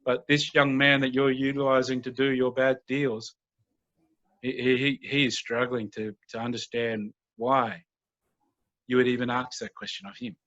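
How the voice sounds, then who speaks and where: A man, a youth mentor and guest speaker, telling stories in a calm, steady, unhurried way. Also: mid-range voice. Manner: steady and unhurried, often acting out quoted dialogue. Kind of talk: calm conversational storytelling. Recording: dull lo-fi audio.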